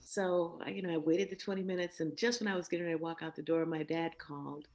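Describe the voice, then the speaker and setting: Older woman, lively storyteller, acts out voices, laughs often, low-pitched voice. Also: fast. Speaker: guest vocalist. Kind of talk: storytelling in a conversation.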